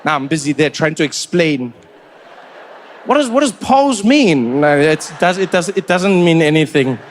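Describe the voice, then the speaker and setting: A South African man doing stand-up, his voice sitting high. He tells stories with lively energy and slips into other people's voices along the way. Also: normal speed, slight background noise. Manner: animated storytelling, acts out other people's voices. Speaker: stand-up comedian. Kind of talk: stand-up comedy.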